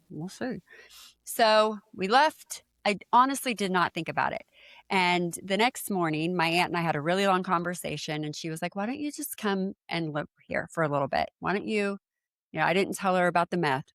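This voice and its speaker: A woman in her forties from San Diego, telling a personal story as a podcast guest and acting out what people said with lively jumps in her voice. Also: no room sound, studio quality. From San Diego, USA. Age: 40s. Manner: animated, acts out quoted speech with big pitch jumps, lots of fillers. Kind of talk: casual storytelling in conversation.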